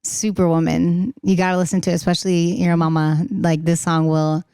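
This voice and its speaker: A young woman in casual podcast chat as a singer-songwriter guest, talking fast and laughing, acting out the voices she quotes. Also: lowish voice, level tone, mellow, clean tone, dry recording, clean studio sound.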